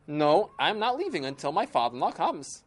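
A woman's voice: low voice, very animated, a little fast, slightly rough, heavily acted. A woman voicing a poor young man in a folk tale who insists on staying and pleads his case. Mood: indignant. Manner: pleading, indignant, raising his voice.

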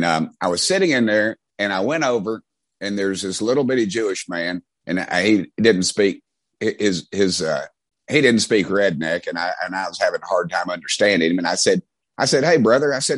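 Man, middle-aged, East Tennessee Southern accent, very deep voice, dry close sound, folksy, rambling. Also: expressive, normal speed, no echo. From Knoxville, Tennessee. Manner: rambling, folksy, many restarts. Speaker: congressman guest. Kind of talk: casual storytelling interview.

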